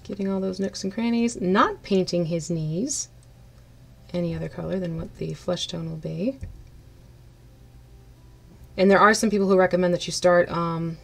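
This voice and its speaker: A woman chatting casually on a live stream while she paints miniatures. She laughs often and greets her viewers brightly by name. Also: fairly low pitch, moderate pace, vocal fry, long pauses.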